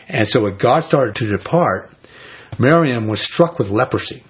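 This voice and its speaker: A man's voice: medium pitch, expressive, moderate pace, slightly rough, lo-fi sound. A man leading an informal Bible study. He retells scripture in everyday speech and keeps asking the group rhetorical questions.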